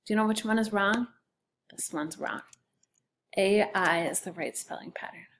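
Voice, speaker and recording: A woman's voice: medium pitch, normal speed. A woman teacher giving a recorded spelling lesson for children, patiently sounding out each word by syllable.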